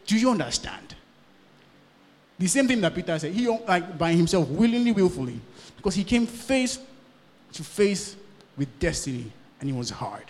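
A male pastor preaching a sermon, swinging from loud bursts to hushed lines and checking in with his congregation. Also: high voice, big pitch swings, moderate pace, in a large hall.

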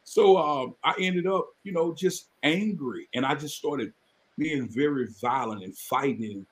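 A man's voice: a little high, measured pace. Earnest man telling his story. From Mississippi, US. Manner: earnest, animated storytelling with sudden excited rises. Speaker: podcast guest. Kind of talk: personal life story in a live podcast interview.

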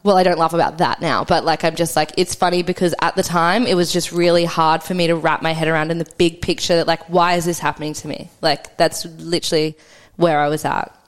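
A woman speaks candidly as a podcast guest, her voice low-set and smooth. She tells her story in a reflective, halting way, circling back with restarts and plenty of "like". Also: fairly even intonation. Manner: reflective, halting, heavy use of "like".

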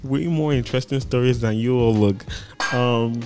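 A man's voice: medium pitch, moderate pace, music in the background. A man hosting a casual chat, appreciative as he responds to a guest. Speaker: podcast host.

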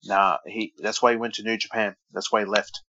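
Low-voiced guy co-hosting a wrestling podcast, jokey and teasing, dull dry sound. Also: flat delivery, fairly quick, pushed and bright. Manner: joking, teasing, trips over names. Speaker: podcast co-host. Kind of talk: casual chat watching wrestling.

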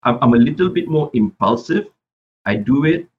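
A man's voice: mid-range voice, expressive, normal speed, breathy edge, highs cut off. A Malaysian man who raps, talking reflectively as a podcast guest and often repeating words while he thinks. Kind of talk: casual interview chat.

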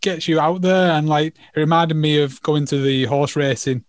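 A male host running a relaxed interview. His voice sits on the higher side and sounds dry and close to the mic. He rambles and leans on "like" as a filler. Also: normal speed, no echo. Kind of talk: casual interview.

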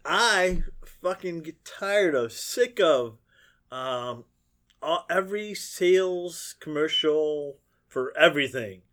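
A man's voice: fairly high pitch, lively intonation, slow pace, fairly bright tone. A man co-hosting a podcast in casual chat, cracking jokes and teasing the others. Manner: joking, teasing interjections. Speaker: podcast co-host.

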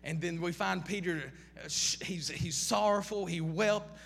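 A man delivers an impassioned sermon in a high, bright voice. He stacks question upon question and restarts phrases as he builds. His voice trails off into the long reverb of a large hall. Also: measured pace, creaky, breathy edge. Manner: impassioned, piles up repeated questions, frequent restarts. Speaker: preacher.

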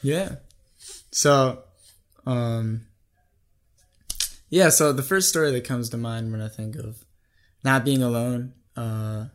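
A young man speaking as a guest on a podcast, in a mid-range voice at an everyday pitch. He tells his story in a loose, chatty way and keeps tacking "right?" onto his sentences. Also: slow pace, long pauses. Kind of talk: casual storytelling.

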